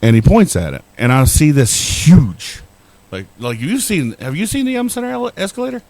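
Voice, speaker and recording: A man's voice: on the high side, very animated, normal speed, a little mellow. A middle-aged man co-hosting a podcast, telling a rambling, profane, self-deprecating story in casual chat. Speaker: podcast co-host.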